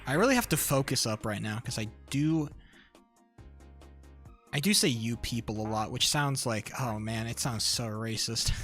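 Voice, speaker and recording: A man's voice: medium pitch, lively intonation, a little slow, long pauses, fairly bright tone, soft background music. A young man chatting casually on a live stream, rambling, restarting sentences and swearing a lot.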